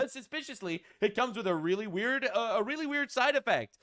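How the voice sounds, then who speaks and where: A man's voice: very high-pitched, animated, normal speed, a bit bright. A man delivering a mocking, profane political rant.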